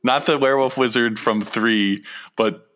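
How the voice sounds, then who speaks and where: A man's voice: mid-range voice, steady tone, moderate pace, fairly bright tone. A man co-hosting a casual podcast, riffing playfully and laughing a lot as he reacts to a trailer. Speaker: podcast co-host.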